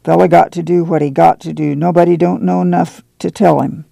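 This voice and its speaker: A man reading the lines of a weary farm father, gruff and plain-spoken in rural dialect. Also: on the high side, level tone, a little fast, mellow, no room sound.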